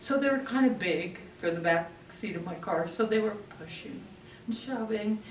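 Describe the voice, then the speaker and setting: An older woman giving a parenting talk to an audience, telling stories in an animated way and acting out children's voices. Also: mid-range voice, normal speed, reverberant, far from the mic, a little hiss or hum. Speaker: parenting speaker.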